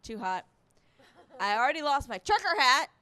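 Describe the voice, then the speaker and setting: Woman, stand-up comic, profane, rambling, bright, sharp tone. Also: high voice, sing-song, moderate pace. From Alabama, US. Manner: rambling, profane, self-mocking. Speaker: stand-up comedian. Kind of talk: stand-up set. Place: resort stage, in front of a live audience.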